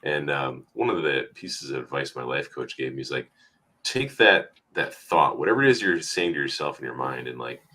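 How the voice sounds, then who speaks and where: A man with an extremely deep voice talks in a relaxed, thoughtful way, slipping in dry jokes. His tone is bright and forceful despite the low pitch. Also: moderate pace. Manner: easygoing, reflective, wry humor. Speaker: podcast co-host. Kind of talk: casual podcast chat.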